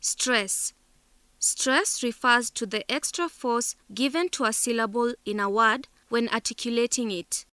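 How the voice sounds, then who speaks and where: Slow, bright-voiced woman teaching. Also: fairly high pitch, clear, resonant tone, no echo. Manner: deliberate, spells out syllables carefully. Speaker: teacher narrator. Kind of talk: scripted lesson narration.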